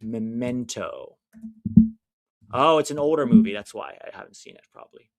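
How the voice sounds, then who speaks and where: A man's voice: medium pitch, fast talker, soft background music. A man hosting a livestream watch-along, chatting casually and reading viewer comments. He rambles, gives easy opinions and often loses track of names mid-sentence. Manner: opinionated and easygoing.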